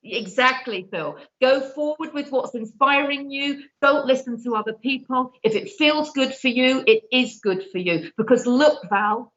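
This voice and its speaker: A woman's voice: sits high, expressive, unhurried, hardly any pauses, a bit bright. A woman giving a live card reading, earnest and pleading as she urges the viewer to trust herself. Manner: earnest, pleading, gets emotional. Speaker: card reader and author. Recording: dull lo-fi sound.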